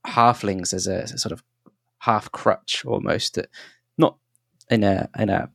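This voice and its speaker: A man's voice: on the low side, steady tone, measured pace, creaky, a bit bright, no echo, studio quality. A man narrating a tabletop game as game master, descriptive and full of restarts. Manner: descriptive, hesitant, many restarts.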